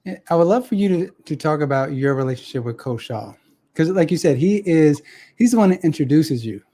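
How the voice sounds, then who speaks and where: A male awards show host with a dark, mellow tone and a slightly raised pitch. He asks his questions in a measured, prompting way. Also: lively intonation. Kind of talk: interview questions.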